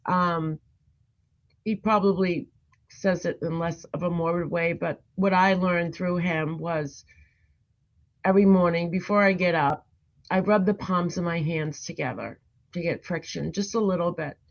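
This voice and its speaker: A woman's voice: on the low side, a little slow. A woman hosting a casual livestream, earnestly explaining a morning routine step by step. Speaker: livestream host. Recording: dull lo-fi sound.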